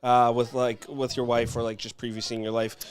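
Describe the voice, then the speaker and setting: A man's voice: medium pitch, little pitch movement, brisk, smooth. A man co-hosting a podcast, asking questions in laid-back, slangy casual chat in a podcast studio.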